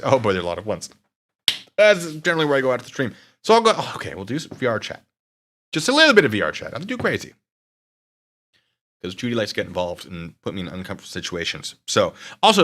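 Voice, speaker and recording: A man's voice: mid-range voice, a bit bright. A man hosting a stream, chatting casually with his viewers in a rambling, joking way. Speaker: streamer and video host. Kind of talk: casual chat to live chat.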